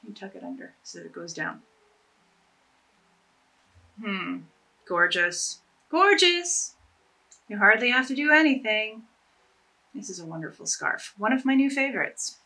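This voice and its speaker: A woman's voice: medium pitch, a bit bright, husky. A woman chatting casually and enthusiastically as she demonstrates ways to tie scarves, with a self-deprecating humor. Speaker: fashion vlogger.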